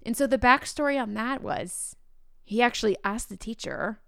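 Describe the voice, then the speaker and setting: A woman's voice: on the high side, moderate pace, creaky, fairly bright tone, dry recording, studio quality. A woman teacher talking casually and telling upbeat classroom stories. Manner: upbeat, storytelling. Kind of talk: casual podcast talk.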